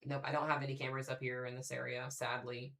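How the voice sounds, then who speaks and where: A man's voice: mid-range voice, level tone, quick pace, creaky, pushed and bright. A young man hosting a live severe weather stream, talking casually and thinking aloud as he reads the radar and calls out to viewers. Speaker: severe weather livestream host. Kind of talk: live weather coverage commentary.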